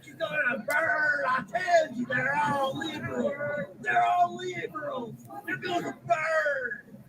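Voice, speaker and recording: Crazy shouting preacher, high pitched, wailing and ranting. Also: male voice, fairly even intonation, slow, over a noisy crowd, poor audio. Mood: fanatical ranting. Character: ranting hellfire preacher, fanatical older man.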